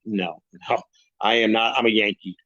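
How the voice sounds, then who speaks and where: A man's voice: on the low side, normal speed, no echo, dull audio. Rambling older man, podcast host. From Chicago. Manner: excitable, defensive, rambling. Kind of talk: livestream chat reading comments.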